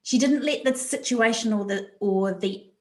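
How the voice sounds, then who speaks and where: A woman's voice: fairly high pitch, normal speed, darkish tone, echoey room. A woman presenting a resilience webinar over a video call, talking animatedly and repeating words for emphasis. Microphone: video call mic.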